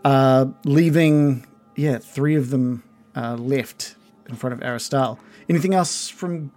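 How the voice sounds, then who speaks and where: A man narrating as game master of a tabletop game, describing scenes with many fillers and pauses. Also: mid-range voice, a little mellow, faint music behind.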